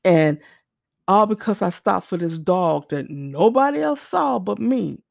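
A middle-aged woman telling a personal testimony story, animated, acting out the dialogue as she goes. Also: mid-range voice, measured pace, vocal fry, dry recording.

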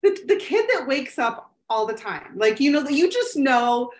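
A woman in her thirties co-hosting a podcast, her voice sitting high and bright as she rambles through an animated story, leaning on fillers at every turn. The recording carries a noticeable echo from the room around her. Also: unhurried. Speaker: podcast co-host. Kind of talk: casual chat. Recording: echoey room.

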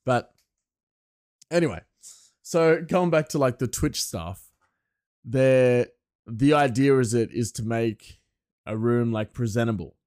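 A man's voice: medium pitch, slow, pauses often, darkish tone, clean tone, no room sound, studio quality. A young man chatting casually on his podcast, rambling and laughing often. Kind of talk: casual solo chat.

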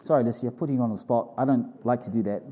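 A pastor preaching a sermon in an informal, animated way, telling stories vividly and breaking off for quick self-corrections. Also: male voice, husky, dull audio. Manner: animated, vivid storytelling with sudden high exclamations.

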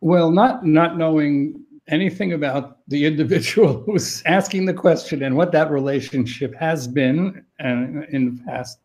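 An older man sharing caregiving advice on dementia in a thoughtful, halting way with frequent restarts. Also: on the high side, darkish tone. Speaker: dementia care expert guest. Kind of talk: conversational advice on a live stream.

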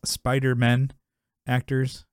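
A man's voice: medium pitch, monotone, slow, clear, resonant tone, no echo, studio quality. Rambling laughing male podcast host. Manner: rambling, laughs often, acts out quotes. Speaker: podcast co-host recapping a sitcom episode. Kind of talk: casual chat.

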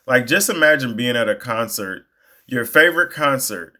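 A man's voice: medium pitch, expressive, moderate pace, pushed and bright. Guy venting in a loose monologue, lots of likes and you knows, pretty emphatic. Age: adult. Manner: conversational, emphatic, lots of fillers. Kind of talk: casual monologue.

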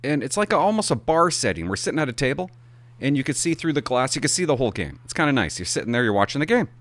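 A middle-aged man, a hockey parent, telling a rambling, animated story in a casual monologue and swearing for emphasis. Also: mid-range voice, fast.

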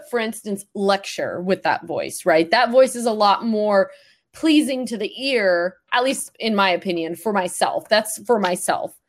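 A woman voice coach chatting on a podcast, animated and demonstrative, laughing often. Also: on the high side. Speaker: voice coach guest. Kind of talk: casual podcast conversation.

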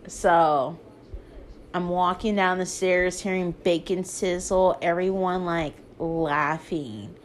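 Unhurried, foul-mouthed young woman telling a story. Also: on the low side, steady tone, a little hiss or hum. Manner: profane, chatty, full of "like". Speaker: vlogger. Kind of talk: casual storytime.

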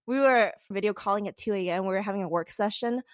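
A young woman co-hosting a podcast in casual chat, swearing freely and acting out quotes with big pitch jumps. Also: quick pace, dry recording, studio quality. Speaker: podcast co-host.

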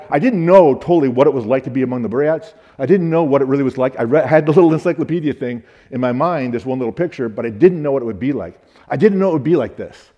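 A middle-aged man speaking at a conference, telling a story from his missionary work in a lively way, acting out the dialogue and laughing now and then. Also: medium pitch. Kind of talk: storytelling talk.

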